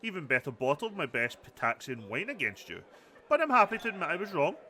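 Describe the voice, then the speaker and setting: A man voicing a genial older male lord mayor in a game, with smooth, flattering talk. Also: a little high, fast, slight background noise.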